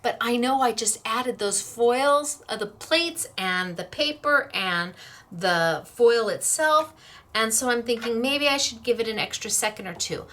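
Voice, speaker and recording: A woman's voice: a little high, expressive, measured pace, a bit bright. A woman hosting a casual craft demonstration, chatty and upbeat, laughing easily as she works. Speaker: craft shop host.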